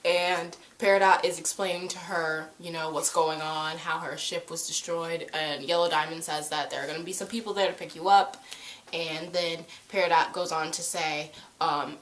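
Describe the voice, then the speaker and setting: A woman talks through a cartoon episode in a chatty, rambling manner, full of fillers. Her voice sits on the lower side, with a faint background noise behind it. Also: steady tone, moderate pace, fairly bright tone. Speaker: YouTube episode reviewer. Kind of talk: casual chat.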